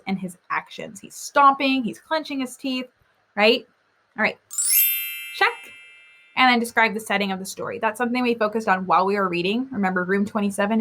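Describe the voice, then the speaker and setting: A woman teacher walks young readers through a story in a recorded lesson. She talks in an upbeat, encouraging way. Her voice is bright and a little high.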